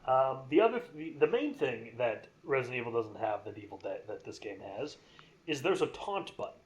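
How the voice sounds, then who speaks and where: A man's voice: mid-range voice, sing-song, fairly quick. A man co-hosting a casual gaming podcast, rambling enthusiastically through game and movie trivia. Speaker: podcast co-host.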